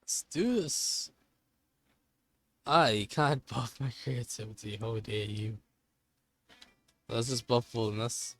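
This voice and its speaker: A man of average pitch reading out a visual novel on his gaming channel. His asides are casual and wry, dropped in between stretches of read narration. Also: fairly even intonation, takes it slowly, a bit bright, no echo. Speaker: let's play host.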